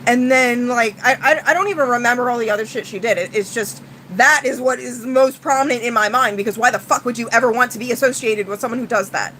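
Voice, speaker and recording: A woman's voice: fairly high pitch, fast talker, few pauses, sharp tone, slight background noise, rough recording. A woman streamer venting to her chat, blunt and profane, swinging between heated outbursts and tired sighs. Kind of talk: casual livestream venting.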